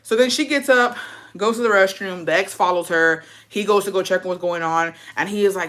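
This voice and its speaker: A woman's voice: medium pitch, brisk. A young woman casually recapping a show, swearing freely and acting out the characters' lines as she tells it. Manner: profane, animated storytelling with put-on quotes. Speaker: vlogger.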